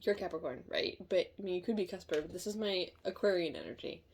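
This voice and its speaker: Low-voiced chatty woman reading tarot. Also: animated, a little mellow, a little hiss or hum. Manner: chatty, thinking aloud, quick to laugh. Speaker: tarot reader.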